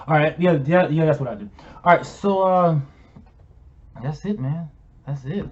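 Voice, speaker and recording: A man's voice: on the high side, a little slow, pauses often, a little hiss or hum. A man vlogger casually telling a personal story, rambling with many restarts. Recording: dull lo-fi home recording.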